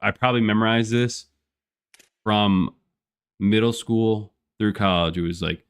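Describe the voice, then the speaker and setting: A young gaming streamer chats casually on a live gameplay stream, rambling and laid-back, using lots of "like" fillers and laughing often. His voice is fairly low, unhurried and clean-toned, with frequent pauses.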